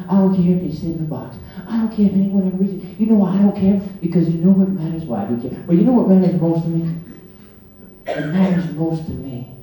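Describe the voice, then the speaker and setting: A middle-aged man preaching a sermon, swinging between hushed passages and loud, excited ones. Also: fairly high pitch, slight background noise. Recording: very echoey hall, mic at a distance.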